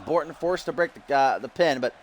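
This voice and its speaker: A man giving lively play-by-play commentary on a video game wrestling match, getting loud at big moments. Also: fairly high pitch, a little fast. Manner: excitable, shouts at big moments.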